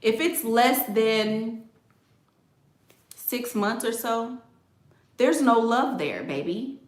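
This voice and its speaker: A woman's voice: a little high, animated, very slow. A woman hosting a casual advice stream, talking directly and sassily to viewers with laughing asides. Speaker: relationship advice livestream host. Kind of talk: casual chat reading viewer comments. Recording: echoey room.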